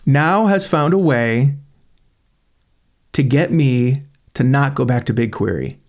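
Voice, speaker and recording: A man hosting a screen-recorded walkthrough of a software tool, thinking aloud in a chatty, enthusiastic way as he clicks through it. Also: medium pitch, takes it slowly. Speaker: channel host reviewing a software tool.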